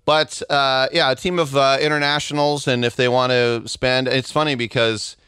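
A middle-aged man co-hosting a podcast, chatting excitably about sports in a rambling way. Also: mid-range voice, moderate pace, clear, resonant tone, no echo, clean studio sound. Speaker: podcast co-host. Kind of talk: casual sports chat.

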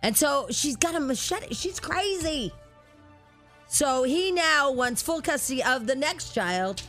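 A woman co-hosting a talk show, chatting casually and telling celebrity gossip in an animated storytelling way. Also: high-pitched, unhurried, faint music behind.

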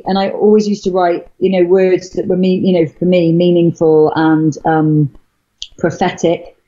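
A woman's voice: on the low side, mellow. A middle-aged woman from Wales, a guest telling her story in casual chat, rambling with many fillers and restarts. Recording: dull lo-fi sound.

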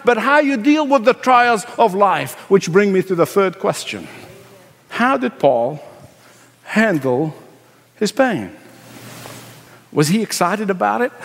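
A man preaching a sermon, emphatic and repetitive, swinging from hushed asides to pleading cries. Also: extremely high pitch, big-room sound. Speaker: pastor.

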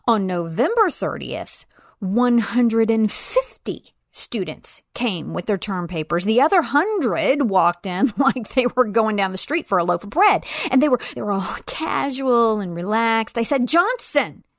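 Teaching parents about scripture, a woman retells a story and voices its characters, shifting her pitch lively as she plays the students and the professor. She speaks at a measured pace in a studio-quality recording with no echo.

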